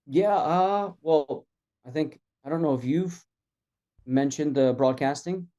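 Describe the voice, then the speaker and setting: A man's voice: on the high side, takes it slowly, dark tone, dull audio. A man chatting casually as a podcast guest, telling easygoing travel stories. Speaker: guest from a wrestling federation.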